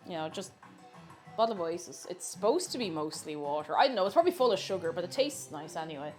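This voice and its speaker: A woman's voice: lowish voice, expressive, quick pace, music in the background. A woman chatting casually while baking live in her kitchen, laughing often and reading out chat messages.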